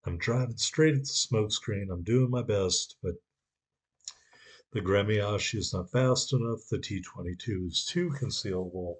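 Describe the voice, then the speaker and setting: A man's voice: on the low side, normal speed, breathy edge. A man giving a sarcastic, wry voice-over commentary on his own gameplay.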